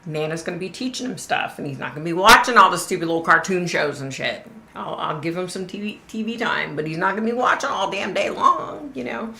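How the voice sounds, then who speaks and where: A woman's voice: on the low side, lively intonation, brisk, gravelly, hardly any pauses, bright, forceful tone, reverberant. A middle-aged woman hosting a livestream, chatting casually and cursing now and then. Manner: chatty, swears freely, drawls "y'all". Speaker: host of a livestream.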